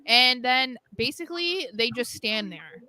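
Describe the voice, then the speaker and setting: A woman's voice: on the high side, animated, a little slow, sharp tone. A young woman co-hosting a podcast, chatting casually about wrestling, full of fillers and acting out what people said. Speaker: podcast co-host. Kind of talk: casual wrestling recap chat.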